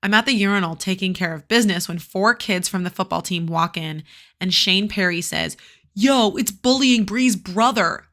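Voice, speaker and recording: A woman's voice: fairly low pitch, steady tone, a little fast, pushed and bright. A woman reading a novel aloud to a class, breaking off into casual, chatty commentary full of fillers.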